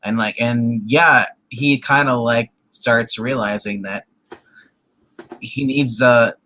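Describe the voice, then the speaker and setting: A man's voice: mid-range voice, steady tone, slow, pushed and bright, a little hiss or hum, low-quality recording. A man co-hosting a casual TV review chat, rambling with lots of fillers and restarts. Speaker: co-host reviewing a TV show.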